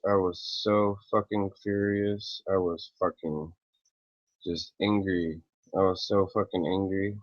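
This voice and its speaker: Slow, low-voiced man ranting profanely. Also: no echo. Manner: profane, rambling, with frequent throat clearing. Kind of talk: casual angry rant to camera. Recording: dull lo-fi, dry close sound.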